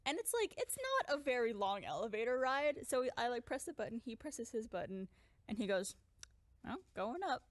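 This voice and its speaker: A woman's voice: fairly high pitch, big pitch swings, a little fast, no echo. Giggly woman telling an anecdote. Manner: giggly, chatty storytelling. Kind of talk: casual chat.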